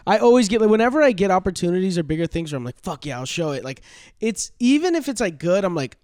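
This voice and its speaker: A young man with a slightly high voice talks fast and loosely, swearing often and sliding into quoted voices. His tone is clear and smooth. The recording is dry and close. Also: a little mellow, dry recording. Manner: loose, profane, reassuring, with quick voiced asides. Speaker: podcast co-host, comedian. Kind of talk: casual chat.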